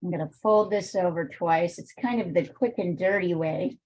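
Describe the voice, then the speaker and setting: A woman's voice: on the low side, normal speed, darkish tone, husky. A woman art teacher with a weak, strained voice, chatting and thinking aloud while she demonstrates drawing in a live online class, with plenty of fillers.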